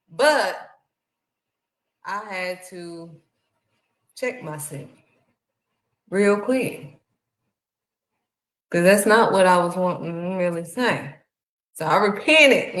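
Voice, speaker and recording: Echoey low-voiced woman giving a faith talk. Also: fairly bright tone. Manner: conversational, preachy, uses "honey". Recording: echoey room.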